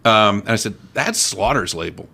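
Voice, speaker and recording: A middle-aged man, a radio host telling stories in a casual interview, animated and acting out what others said. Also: fairly low pitch, moderate pace, vocal fry. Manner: animated storyteller, acts out quoted voices. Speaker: radio host as podcast guest.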